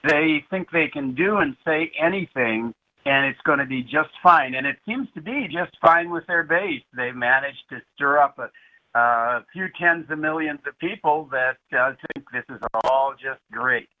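A male caller on a radio show, ranting with indignation. His voice is somewhat high for a man. He comes through a tinny, narrow phone line. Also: a little slow. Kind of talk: call-in radio talk.

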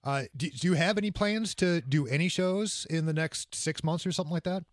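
A man of middle pitch hosts a show and asks a guest casual questions. He speaks in a friendly way with a few fillers. His voice sounds dry and close, with no echo. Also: brisk. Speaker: radio show host.

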